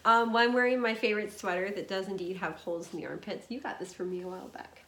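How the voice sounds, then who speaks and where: A woman in her thirties co-hosting a podcast from a cabin, chatty and animated, recorded through wireless earbuds. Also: medium pitch, slight background noise. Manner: chatty, animated, quick to laugh. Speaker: podcast co-host. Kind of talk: casual podcast chat. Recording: roomy echo.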